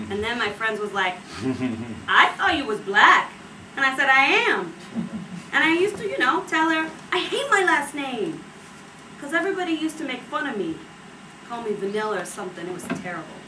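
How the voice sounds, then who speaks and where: A woman's voice: on the high side, normal speed, recorded from a distance. An actress playing a young woman from a Puerto Rican family in a stage monologue, speaking in a wry, matter-of-fact way. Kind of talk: stage monologue based on an interview. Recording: echoey stage recorded from afar, steady noise.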